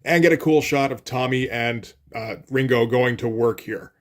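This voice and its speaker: A man's voice: mid-range voice, moderate pace. Guy chatting thru a comic recap, laid-back, reads the character lines in his normal voice, swears a bit. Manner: conversational, quotes characters in a loose retelling, mild swearing. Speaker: comic book reviewer.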